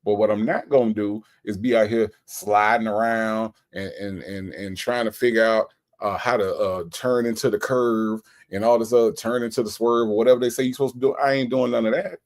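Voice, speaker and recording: On a casual livestream, a playful, laid-back Florida man chats and reads out viewer comments, repeating himself. He speaks fairly quickly in a voice on the low side, with fairly even intonation.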